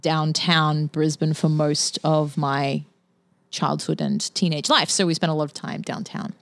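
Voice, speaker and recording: A young woman with an Australian accent talks casually as a podcast guest, laughing easily as she goes. Her voice sits on the low side, and the sound is close and dry. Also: level tone, a little slow, dry recording. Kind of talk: casual chat.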